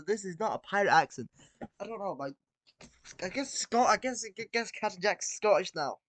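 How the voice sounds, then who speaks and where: A man's voice: high-pitched, expressive, moderate pace, fairly bright tone, no echo. A man casually reading an AI-written battle story aloud, stumbling over words and adding self-mocking asides. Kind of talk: casual read-aloud commentary.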